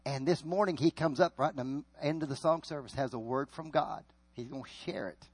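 A man preaching a sermon, telling stories that swing from loud, emphatic peaks to hushed asides. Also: fairly high pitch, a little fast, husky, dry recording. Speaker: pastor.

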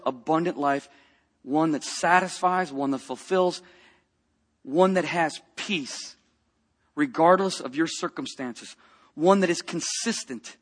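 Animated preacher man telling stories. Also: fairly high pitch. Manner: animated, acts out quotes, swings between hushed and loud. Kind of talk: sermon with personal storytelling.

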